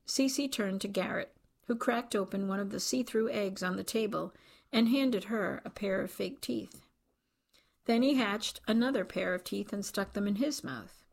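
A woman reading a novel aloud in scripted, measured narration. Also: medium pitch, creaky, slightly rough. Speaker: audiobook narrator.

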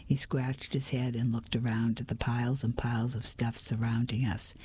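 A narrator reading a mystery story in a soft, steady whispered role-play. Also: mid-range voice, normal speed, hardly any pauses, husky.

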